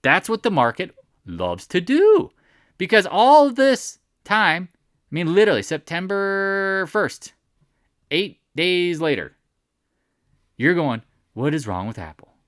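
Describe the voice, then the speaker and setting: A man's voice: sits high, sing-song, takes it slowly, pauses often, fairly bright tone, no echo, clean studio sound. A man hosting a casual daily stock market recap, joking and sarcastically mocking imagined viewers. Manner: sarcastic, mocks imagined viewers in put-on voices. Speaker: stock market video host.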